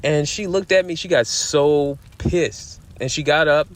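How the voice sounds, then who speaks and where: A man's voice: on the high side, measured pace. A man telling a story in a heated, profane rant, repeating himself for emphasis. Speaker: vlogger.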